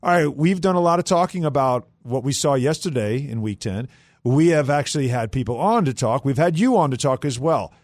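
A man hosts a sports talk radio show, talking briskly with energy and a conversational feel as his pitch swings up and down. The recording is dry, with clean studio sound.

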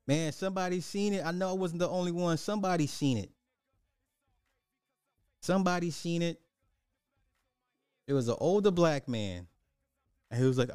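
A man, ranting in casual commentary, loose and animated, swearing and repeating himself. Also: on the high side, a little slow, pauses often, smooth, dry recording, clean studio sound.

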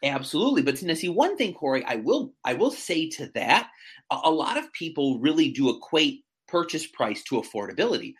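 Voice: mid-range voice, sing-song, a little fast, breathy edge. A real estate agent chatting casually as a podcast guest, telling stories animatedly with many fillers and restarts.

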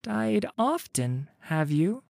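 A man voicing a frightened, wary young woman of the ice clans in a high, tense voice. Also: big pitch swings, takes it slowly, gravelly, a little mellow, no echo, studio quality, heavily acted.

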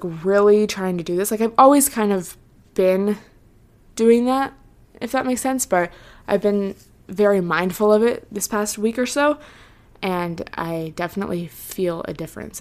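A woman's voice: mid-range voice, a little mellow. Chatty young woman podcaster. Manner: chatty, full of "like", trailing off; earnest, reassuring. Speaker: podcast host. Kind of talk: casual solo podcast chat.

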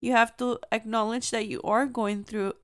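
A woman's voice: on the high side, flat delivery, normal speed, no room sound. A young woman hosting a podcast, speaking earnestly and emotionally in a personal monologue, at times close to tears. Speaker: podcast host.

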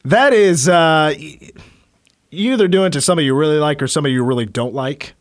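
A man's voice: on the high side, fast talker. A man from Kansas hosting a sports radio show, joking and opinionated as he counts down a list. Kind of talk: casual sports talk.

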